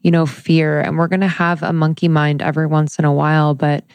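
A woman's voice: deep voice, flat delivery, brisk, a little mellow, smooth, dry recording. A woman hosting a podcast interview who speaks in an enthusiastic and affirming way. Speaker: podcast host. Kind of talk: casual interview chat.

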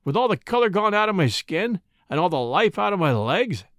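A bitter, hopeless burglar just out of prison, voiced by a man reading the story. He talks hoarsely and doggedly, with fierce outbursts and a lively, swinging pitch. The sound is close and dry. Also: fairly quick, dry recording, heavily acted. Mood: desperate. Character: desperate bitter ex-convict burglar, middle-aged man.

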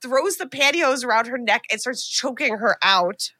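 A woman podcast co-host recapping a movie in a casual, profane, animated storytelling way. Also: on the high side, moderate pace, no echo.

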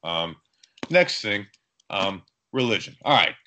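A man's voice: lowish voice, slow pace. A young man co-hosting a casual sports podcast, rambling and joking through his stories. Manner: rambling, joking, animated storytelling. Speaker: podcast co-host.

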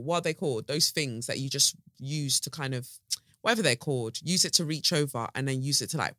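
A young woman hosting her own podcast in rambling, animated, slangy casual chat. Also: a bass voice, no room sound, studio quality. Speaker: podcast host. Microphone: studio podcast mic.

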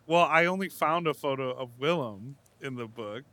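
An easygoing man in casual podcast chat whose voice sits at a middle pitch and rings bright. He asks his questions in a loose, rambling way. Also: animated, moderate pace.

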